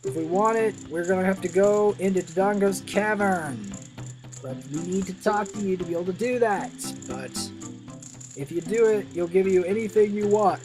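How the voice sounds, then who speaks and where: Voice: mid-range voice, normal speed. A tired gameplay narrator giving casual walkthrough commentary, rambling and offhand as tips drift into asides. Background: game music.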